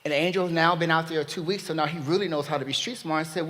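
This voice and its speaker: A man speaking at a panel, telling a story in an animated way and acting out the dialogue. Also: on the high side, fast talker. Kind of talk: storytelling talk. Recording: long reverb of a hall.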